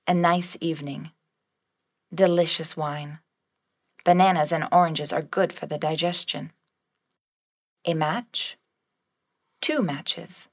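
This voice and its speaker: A woman narrating a beginner English lesson with measured, clear reading. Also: deep voice, fairly even intonation. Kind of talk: scripted narration.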